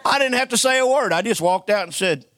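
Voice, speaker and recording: A man's voice: high-pitched, animated, quick pace, fairly bright tone, no room sound. A man preaching a sermon, telling folksy stories and calling for amens from the congregation. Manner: call-and-response preaching, folksy storytelling.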